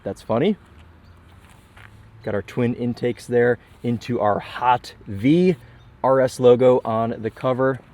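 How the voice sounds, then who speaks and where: A young man from Michigan walks around a parked car and talks through it in an easy, chatty way. He sounds enthusiastic and throws in self-deprecating asides. His voice sits in a middle pitch. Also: slow pace, pauses often, darkish tone, a little hiss or hum. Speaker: car reviewer. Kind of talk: casual car walkaround commentary.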